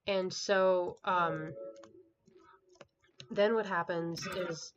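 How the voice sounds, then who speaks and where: Low-voiced woman rambling through a book recap. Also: fairly even intonation, extremely slow. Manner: rambling, filler-heavy plot recap; exasperated, dismissive critique. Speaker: book reviewer. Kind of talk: casual book review vlog. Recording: dull lo-fi home recording with faint hiss.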